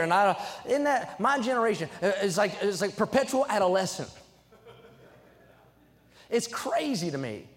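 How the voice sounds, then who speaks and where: Fervent young preacher in a reverberant church. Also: male voice, high voice, lively intonation, normal speed. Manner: emphatic, climbing to loud fervent peaks; reads scripture aloud between points. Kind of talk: sermon. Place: church sanctuary.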